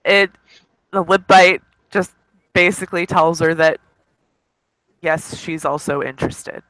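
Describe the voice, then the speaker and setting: A man playing a tabletop role-playing game, describing his character's actions in a halting way. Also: fairly high pitch, bright, forceful tone, no echo, poor audio. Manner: halting, full of fillers. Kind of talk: tabletop role-play narration.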